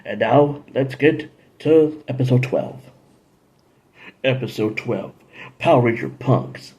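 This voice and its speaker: Gravelly, rambling man reviewing episodes. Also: medium pitch, slow pace, darkish tone. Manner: rambling, playful asides and humming.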